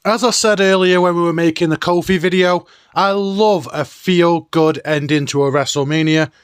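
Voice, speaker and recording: A man's voice: a little high, normal speed, clean tone, faint music behind. A man hosting a nostalgic countdown video in an enthusiastic, chatty way. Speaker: host.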